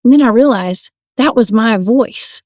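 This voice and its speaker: A woman, a paranormal investigator telling her stories as a guest in a casual, animated way. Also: fairly high pitch, measured pace, dry recording, clean studio sound. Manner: animated, laughs often, restarts sentences. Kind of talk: casual storytelling.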